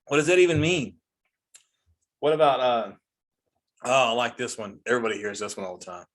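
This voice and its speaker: A man's voice: mid-range voice, a little fast. A forty-three-year-old male comedian ranting in an exasperated, incredulous way about common sayings. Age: 40s. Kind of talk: comedic rant.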